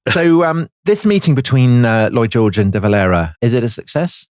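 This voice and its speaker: A man's voice: mid-range voice, expressive, moderate pace, darkish tone, no room sound, clean studio sound. A man co-hosting a history podcast in a theatrical, teasing style. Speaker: podcast co-host.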